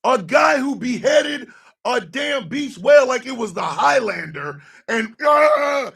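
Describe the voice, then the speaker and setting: A man hosting a radio show, ranting angrily and sarcastically about politics, swearing and often shouting. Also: extremely high pitch, expressive, slow, vocal fry, distant mic. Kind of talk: angry political rant.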